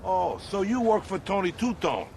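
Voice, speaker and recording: Brief: a wary rival gangster, high voice, probing, faint traffic behind. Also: male voice, very animated, normal speed, vocal fry, darkish tone, full character voice. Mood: suspicious. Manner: probing questions. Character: suspicious rival mafia man.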